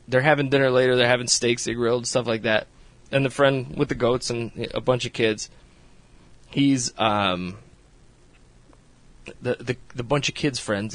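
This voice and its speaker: A man's voice: mid-range voice, fairly bright tone, dry recording. A man hosting a podcast, casually recapping a reality show in a rambling way, laughing often and swearing freely. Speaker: podcast host.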